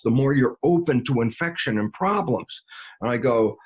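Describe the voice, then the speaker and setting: A man with a husky, slightly breathy voice talks as an interview guest. He explains in an animated way, plays out both sides of imagined exchanges and lets small chuckles slip into his sentences, with plenty of filler sounds along the way. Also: medium pitch, moderate pace. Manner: animated, acts out dialogues with himself.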